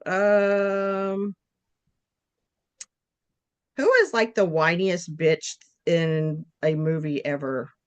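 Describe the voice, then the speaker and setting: A woman's voice: low-pitched, expressive, a little slow, few pauses, dull audio. A woman chatting casually, blunt and teasing, swearing freely. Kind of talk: casual chat.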